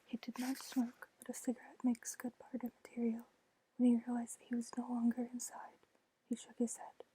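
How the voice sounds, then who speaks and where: A woman's voice: fairly high pitch, moderate pace, breathy edge, low-quality recording. Woman reading a novel in whispered role-play. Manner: soft unvoiced whisper, even reading. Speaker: ASMR book reader.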